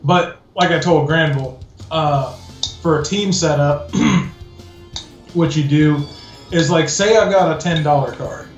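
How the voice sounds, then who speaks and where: A man's voice: a little high, takes it slowly, highs cut off. A young man rambling casually in a laid-back way, full of fillers. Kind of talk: casual chat. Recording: roomy echo, game music.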